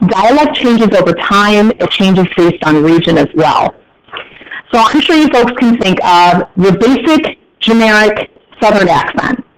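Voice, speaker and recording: An American man teaches a class in a fairly high voice, chatty and quick to throw in joking asides for his students. A steady hiss of noise runs under the recording. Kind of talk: classroom lecture.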